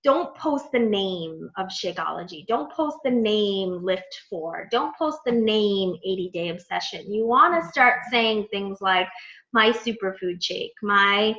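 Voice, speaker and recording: A woman in her thirties telling a story to her coaching team in a chatty, animated way, full of quoted dialogue. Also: medium pitch, a little slow. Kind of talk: casual storytelling talk to a team. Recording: echoey, dull lo-fi room sound.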